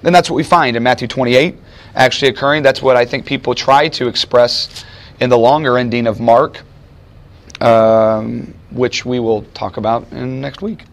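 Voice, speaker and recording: A man's voice: medium pitch, steady tone, moderate pace, vocal fry. Conversational man preaching a sermon. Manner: conversational, emphatic, voices quoted figures. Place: chapel or lecture room with audience.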